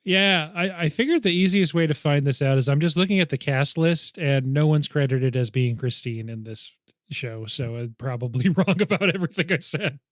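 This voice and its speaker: Co-hosting a movie podcast, this man talks casually and softens his guesses with self-deprecating laughter. He speaks at normal speed in a slightly high voice, with clean, echo-free studio sound.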